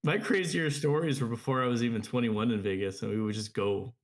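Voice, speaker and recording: A man's voice: medium pitch, fairly quick. A man co-hosting a casual podcast, telling a story, laughing and acting out his friends' lines. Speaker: podcast co-host.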